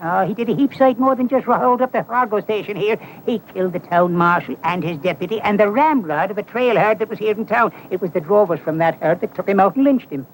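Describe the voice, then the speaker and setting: A man's voice: high-pitched, a little hiss or hum, natural voice, poor audio. An actor playing a nervous small-town stable man in a 1970 western film, stammering and evasive. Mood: jittery. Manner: stammering, fast-talking, evasive.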